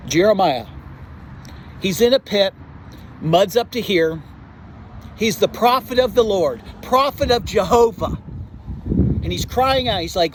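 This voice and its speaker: A man preaching a sermon as pastor, fervent and urgent, dropping low for warnings. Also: animated, unhurried, long pauses, slight background noise.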